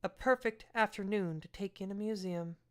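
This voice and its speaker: A woman voicing a formal, aloof male FBI agent with a Southern accent, speaking softly and with measured courtesy. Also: mid-range voice, clean tone, close to an everyday voice. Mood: courtly.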